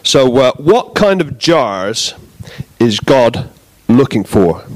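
A man giving a relaxed, jokey sermon in a church, bantering with the congregation. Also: mid-range voice, slow, dry recording. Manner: chatty, jokey, self-deprecating. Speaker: preacher.

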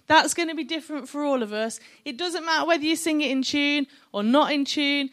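A woman's voice: sits high, a little fast, hardly any pauses, a bit bright. Chatty woman preaching a sermon. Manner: chatty, encouraging, joking asides to the congregation.

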